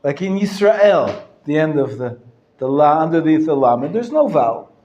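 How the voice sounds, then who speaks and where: A male rabbi teaching a live class, explaining patiently and sounding words out slowly, often clearing his throat and chuckling. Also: on the high side, sing-song, darkish tone, muffled recording. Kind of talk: live classroom lesson on Hebrew reading. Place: lecture room. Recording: roomy echo from a live class.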